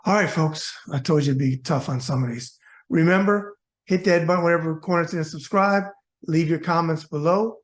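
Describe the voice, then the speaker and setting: Heartfelt storytelling man, slightly high voice. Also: fairly quick. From South Florida, US. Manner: folksy, heartfelt, addresses viewers directly. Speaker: host, former boxer. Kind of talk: personal storytelling monologue.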